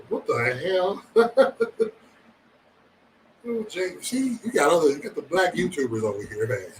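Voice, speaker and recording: A man's voice: medium pitch, far from the mic, a little hiss or hum, rough recording. A man hosting a casual livestream, chatting loosely and profanely with his viewers. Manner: loose, profane, animated banter with chat. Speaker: livestream host.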